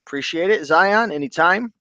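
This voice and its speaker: A man hosting a casual livestream about online reselling, upbeat and chatty, giving shout-outs to viewers. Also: high voice, expressive, normal speed, dry recording, muffled recording.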